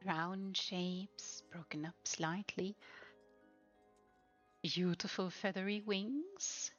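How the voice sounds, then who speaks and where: A woman streaming a tour of player-built houses, gushing with breathy exclamations and soft whispers between her remarks. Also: lowish voice, extremely slow. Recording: slightly dull lo-fi sound with faint music behind.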